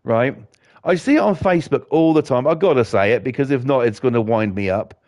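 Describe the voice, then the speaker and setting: A man in middle age rants over his gameplay in a loose, wandering way. He swears constantly and gets more worked up as he talks, with a voice of ordinary male pitch. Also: fairly quick, darkish tone. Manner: sweary, rambling, fired-up. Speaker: gaming streamer. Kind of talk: ranting commentary while gaming.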